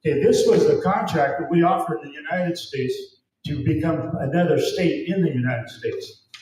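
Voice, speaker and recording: A man's voice: on the high side, normal speed, a little mellow. A man giving a fervent, emphatic public lecture at an event, with a preachy edge. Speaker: event speaker. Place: event hall. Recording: very echoey hall, distant mic.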